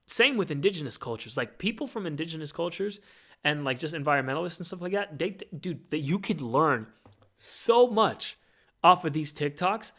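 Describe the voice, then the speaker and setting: A man hosting his own podcast, talking in an animated, rambling casual monologue full of fillers. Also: a little high. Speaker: podcast host.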